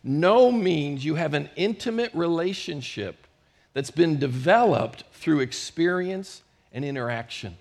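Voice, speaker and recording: A middle-aged male pastor preaching a storytelling sermon, swinging from loud bursts to hushed moments. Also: fairly high pitch, creaky.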